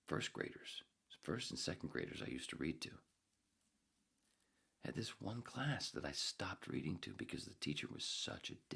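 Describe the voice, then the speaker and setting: Gravelly low-voiced man telling a profane story. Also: a bit bright. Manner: gravelly, swears often, jumps into squeaky voices when quoting. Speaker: podcast host.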